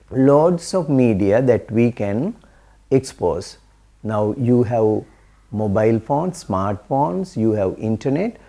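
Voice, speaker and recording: A man's voice: medium pitch, warm tone. A male English teacher explaining language learning in an earnest way, repeating his main points. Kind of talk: explanatory talk to camera.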